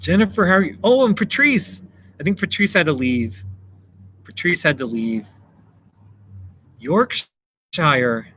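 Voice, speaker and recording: A man's voice: fairly high pitch, animated, unhurried, pauses often, pushed and bright, a little hiss or hum. An American man hosting a casual livestream, chatting with viewers by name and laughing often. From United States. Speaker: livestream host. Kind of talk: casual livestream chat reading viewer comments. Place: home in Colorado.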